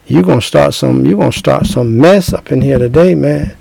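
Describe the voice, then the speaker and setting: A man voicing a cautious older man, who gives a young husband advice in a hushed, wary tone. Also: mid-range voice, moderate pace, creaky, husky, dry recording, voice pushed down. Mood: warning.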